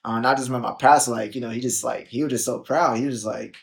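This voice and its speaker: A young man from Chicago, a podcast guest, telling his story in a casual, animated way, acting out quotes and filling with "like" and "um". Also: mid-range voice, quick pace, gravelly.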